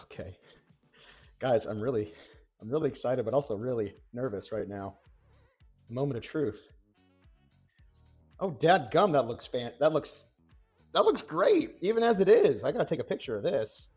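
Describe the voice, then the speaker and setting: A young man chatting on a cooking livestream, rambling and excitable, with playful exclamations and restarts. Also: medium pitch, moderate pace, pauses often, husky. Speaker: streamer. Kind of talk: casual cooking livestream chat. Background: faint background music.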